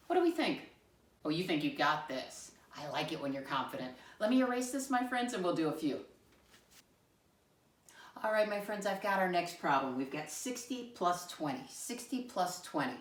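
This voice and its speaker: Woman teacher doing a kids math lesson, cheery and coaxing, lowish voice, kinda far from the mic. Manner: animated, encouraging, talks to young children. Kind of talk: first-grade math lesson video. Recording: echoey room, mic at a distance.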